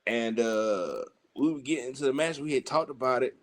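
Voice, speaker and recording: A man with a Southern US accent, a wrestler guest telling a road-trip story in an animated way and acting out other people's lines. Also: mid-range voice, fairly quick. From Southern United States. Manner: lively, acts out other people's lines, heavy slang.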